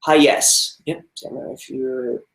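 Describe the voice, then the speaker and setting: A man's voice: mid-range voice, flat delivery, unhurried, a bit bright. A young American man reading viewer comments and answering them in a rambling, casual live-stream chat. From United States. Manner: rambling, many fillers and restarts. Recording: roomy echo.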